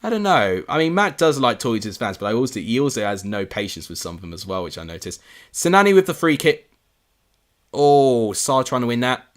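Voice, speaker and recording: A man's voice: medium pitch, expressive, brisk. A young man from England hosting a live football watchalong, chatting casually and answering viewer comments. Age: young adult. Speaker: livestream host.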